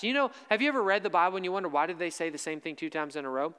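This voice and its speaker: A man delivering a sermon in a high, smooth and resonant voice. He stresses key lines by repeating them slowly and firmly. His voice carries a long reverb, as in a large church hall. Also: animated, fairly bright tone. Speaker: preacher.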